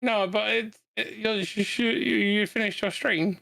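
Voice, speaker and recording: Casual gamer chat, south east london guy, higher voice, rambles and restarts. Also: fairly even intonation, measured pace, creaky, bright, forceful tone, no echo. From England. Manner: rambling, restarts often, laughs easily. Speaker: gamer chatting with friends. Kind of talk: casual chat over gameplay.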